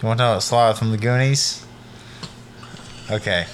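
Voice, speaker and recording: A man's voice: on the low side, moderate pace, slight background noise. A man co-hosting a podcast who chats casually. He rambles in a laid-back, joking way, full of "like" and "literally". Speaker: podcast co-host. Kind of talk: casual chat.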